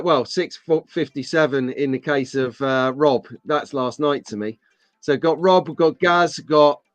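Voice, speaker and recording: A man's voice: fairly high pitch, dry recording. A man hosting a live stream, chatting casually and jokily with viewers in the chat. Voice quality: chatty, jokey, rambling. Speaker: host of a live slot car stream.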